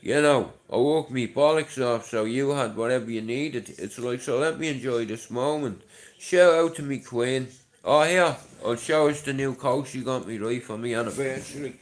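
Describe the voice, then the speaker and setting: A man's voice: medium pitch, moderate pace. Chatty Dublin man swearing freely. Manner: swears a lot, rambling and chatty. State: chesty from a chest infection. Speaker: livestream host. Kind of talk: casual livestream chat.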